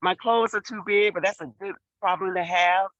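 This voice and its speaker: A woman's voice: mid-range voice, fairly even intonation, normal speed, a bit bright, no echo, lo-fi sound. A middle-aged woman on a video call giving an exuberant testimonial, repeating phrases for emphasis like a preacher. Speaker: client sharing her story.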